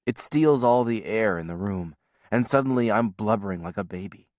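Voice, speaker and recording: A man reading a novel aloud as first-person audiobook narration, in a measured, quiet storytelling manner. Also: fairly low pitch, lively intonation, dry recording, studio quality.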